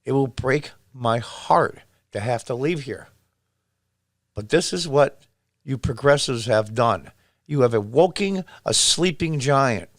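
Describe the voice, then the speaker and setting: Speaking slowly but animatedly at medium pitch, a man in his sixties from upstate New York gives casual political commentary. He is emphatic and repetitive, exclaiming as he reacts to footage; the studio recording is clean and dry.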